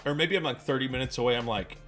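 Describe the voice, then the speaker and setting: A man's voice: mid-range voice, rapid-fire, fairly bright tone, faint music behind. A man co-hosting a casual gaming podcast, joking and blunt, swearing casually as he talks. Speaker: podcast co-host. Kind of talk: casual chat.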